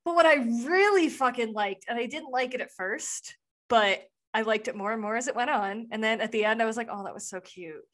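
A young woman with a somewhat high voice, chatting on a podcast as co-host. She talks loosely and freely, swears often, and laughs through her retellings. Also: fairly quick, fairly bright tone. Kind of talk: casual podcast chat.

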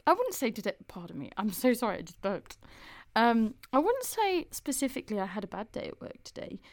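A woman's voice: fairly high pitch, sing-song, fairly quick, no echo, clean studio sound. Giggly, sweary woman telling stories. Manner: chatty, giggly, swears freely. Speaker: podcast host. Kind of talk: casual podcast storytelling.

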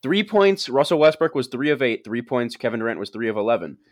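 A man's voice: medium pitch, sing-song, fast talker, dry recording, studio quality. A young man in a heated casual sports argument, insistent and repeating his points. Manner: insistent, reciting stats, repeats himself. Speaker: debater.

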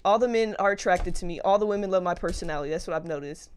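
A young woman co-hosting a casual chat with a friend, telling animated stories full of slang and swearing, acting out what other people said. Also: on the low side, rapid-fire, clear, resonant tone. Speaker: podcast co-host.

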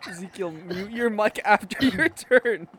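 A man's voice: high-pitched, unhurried, sharp tone, a little hiss or hum. A young man in a casual podcast, directing the others and getting impatient. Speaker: podcast co-host.

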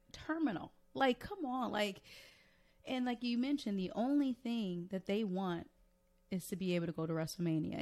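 A woman co-hosting a wrestling podcast, talking casually and expressively with frequent laughs. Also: mid-range voice. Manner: emotional, expressive, laughs often. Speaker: podcast co-host. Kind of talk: casual chat.

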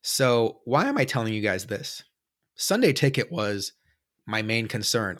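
A man hosting a sports podcast, chatting casually and telling stories with animated quoted voices. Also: on the low side, unhurried. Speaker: podcast host.

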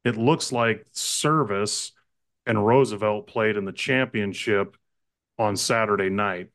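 Low-voiced man in chatty sports talk. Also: slow pace. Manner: chatty, excitable, self-correcting. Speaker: sports podcast co-host.

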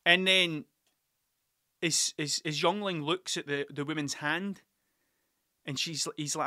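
A man rambles through a story, swearing freely and laughing at his own tales. His voice sits a bit high and sounds bright and forceful. The recording is dry and close, with no room sound. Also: steady tone, slow, pauses often, no echo. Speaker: podcast host. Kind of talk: casual storytelling monologue.

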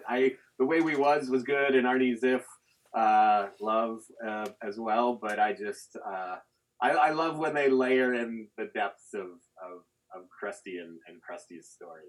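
A man's voice: mid-range voice, measured pace, recorded from a distance, poor audio. A man as a guest on a podcast in casual chat, hesitant with stammering restarts.

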